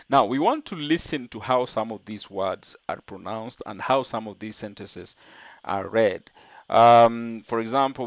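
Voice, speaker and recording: A man's voice: on the low side, dry recording, muffled recording. A man teaching an online French lesson, explaining step by step and translating French phrases into English.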